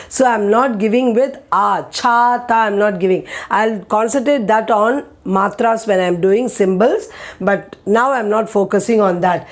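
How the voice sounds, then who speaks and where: A woman's voice: mid-range voice, a little mellow. A woman teaching a language lesson, patiently repeating words and checking in with "okay?". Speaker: Hindi teacher. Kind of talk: slow explanatory lesson.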